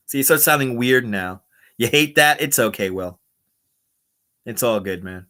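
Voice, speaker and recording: Bright-voiced New man chatting live. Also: medium pitch, expressive, unhurried, long pauses. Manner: chatty and playful, laughs often. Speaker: livestreamer. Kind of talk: casual live chat reading comments. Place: indoors at home. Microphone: wireless clip-on mic.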